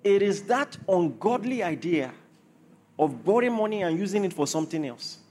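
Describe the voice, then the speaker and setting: A man's voice: high voice, animated, moderate pace, a little mellow, slight background noise. A man preaching a sermon to a congregation, driving points home with repeated rhetorical questions.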